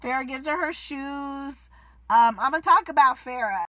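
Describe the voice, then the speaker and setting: A woman's voice: high-pitched, measured pace, a bit bright, no room sound. A woman hosting a podcast, recapping a TV episode in a casual, blunt and profane way with plenty of fillers. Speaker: podcast host reviewing a TV episode.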